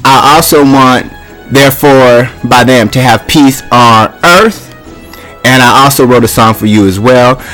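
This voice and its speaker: A greedy kid, played by a man, rambles through his wish list for Santa in a flat, deadpan voice. The pitch sits in the middle range. Faint music plays underneath. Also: unhurried, close to an everyday voice. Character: scheming boy Buster asking Santa for loot.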